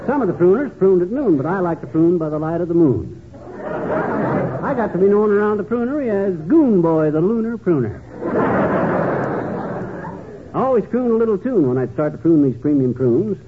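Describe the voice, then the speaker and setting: An actor playing a boastful husband who spins tall tales and tongue twisters in 1940s radio comedy. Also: male voice, sits high, sing-song, brisk, very noisy. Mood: bragging. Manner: blustering, tongue-twisting wordplay. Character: boastful tall-tale-telling middle-aged husband. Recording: tinny old radio broadcast.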